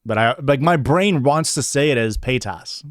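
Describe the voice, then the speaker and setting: A man's voice: medium pitch, moderate pace, no room sound, clean studio sound. A young man from northern Illinois with a Chicago-area Midwestern accent, chatting casually on a livestream, rambling with lots of fillers and swearing. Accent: Chicago-area Midwestern American. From northern Illinois, USA. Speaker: streamer. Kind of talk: casual chat answering chat. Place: home streaming setup.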